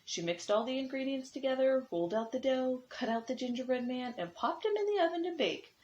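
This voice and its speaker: A woman preschool teacher reading storybooks aloud to young children gently, with small slips, on a dull lo-fi recording. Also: sits high, animated, a little fast.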